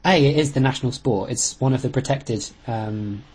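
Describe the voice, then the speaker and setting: A man co-hosting a podcast, talking football earnestly, pausing on fillers and sometimes venting. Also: medium pitch, a little mellow, a little hiss or hum, poor audio. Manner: earnest, rambling, with sudden outbursts. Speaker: podcast co-host. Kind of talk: casual football chat.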